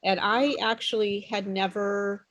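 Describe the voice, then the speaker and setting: A woman's voice: mid-range voice, level tone, unhurried, a bit bright. A woman tutoring a small online class in pronunciation, modelling words and repeating them patiently. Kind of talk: online group lesson.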